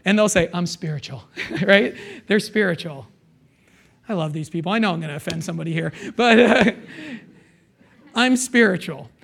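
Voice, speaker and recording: High-voiced pastor, casual sermon. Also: male voice, vocal fry, a bit bright, husky. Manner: conversational preaching, asks "okay?" and "right?" often, jokes with the congregation; repeats key phrases, slows down for emphasis.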